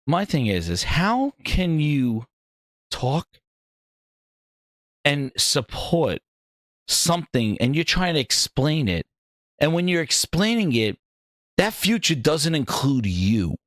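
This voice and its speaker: A man with a high, wildly swinging voice rants about gaming in an exasperated, profane tirade. He mocks the people he argues with as he goes. The sound is close and dry. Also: big pitch swings, slow pace, pauses often, a bit bright, no echo. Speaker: gaming channel host. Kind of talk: ranting commentary.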